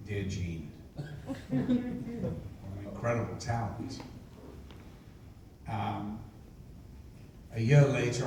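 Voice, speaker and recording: An older man, an interview guest, telling lively anecdotes and acting out other people's lines. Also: on the low side, a little hiss or hum. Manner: lively raconteur who acts out others' lines. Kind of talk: anecdotal storytelling. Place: convention hall. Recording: echoey hall, mic far off, faint ambience.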